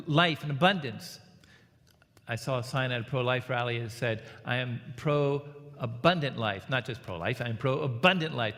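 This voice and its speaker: Priest preaching in an echoing church. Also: male voice, mid-range voice, a bit bright. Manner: plain conversational preaching, leads the congregation in call and response. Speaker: Catholic priest. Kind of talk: Easter homily. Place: large church. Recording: church hall reverb.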